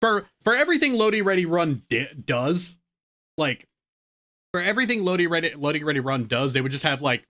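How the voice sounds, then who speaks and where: Male streamer; laid-back, rambling, swears, slightly high pitch. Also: very animated, brisk, sharp tone. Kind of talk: casual reaction commentary.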